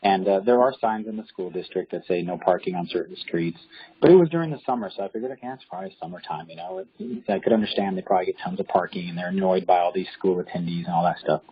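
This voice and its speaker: A husky-voiced man talks about real estate work in a relaxed interview. He tells his stories with animation and acts out the people in them. The recording sounds dull and lo-fi. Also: low voice, quick pace. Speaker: real estate agent guest. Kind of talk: casual interview storytelling. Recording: dull lo-fi audio.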